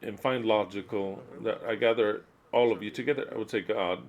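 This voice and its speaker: A man interpreting a sermon aloud, emphatic, dropping to low muttering and then rising to loud outbursts. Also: steady tone, fairly quick. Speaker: interpreter voicing a preacher.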